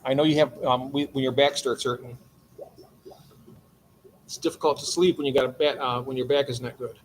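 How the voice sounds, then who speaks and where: An older livestream host sits in his aquarium room late at night, chatting and calling out viewers in the chat by name with warmth. His medium-pitched voice holds a steady tone and runs a little fast. A slight hiss or hum sits under the sound.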